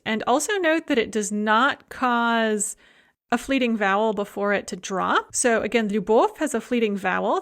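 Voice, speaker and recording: A woman's voice: on the high side, a bit bright. A woman teaching a recorded grammar lecture, explaining rules and then reading examples word by word. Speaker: language teacher.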